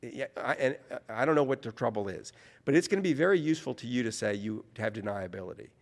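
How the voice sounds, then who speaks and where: Quick and gravelly, a New Orleans author tells stories as an interview guest, his pitch ranging widely as he gets into each one. He's animated and keeps circling back to correct his own wording, while a long reverb lingers in the room.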